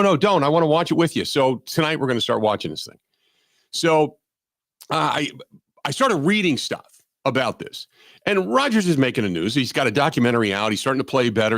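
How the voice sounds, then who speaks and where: A blunt, opinionated man holds forth on sports radio, his pitch swinging up and down as he talks. He rambles and restarts his sentences. The studio sound is close and dry. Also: fairly bright tone, no room sound. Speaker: radio sports talk host.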